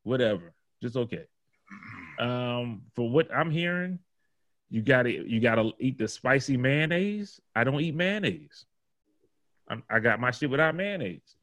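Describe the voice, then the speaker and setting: A man hosts a casual podcast chat, telling loose, rambling stories laced with swearing. His voice sits at an ordinary pitch. It is recorded close and dry, with no room sound around it. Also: expressive, moderate pace, a bit bright, no room sound. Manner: profane, rambling storytelling. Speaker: podcast host.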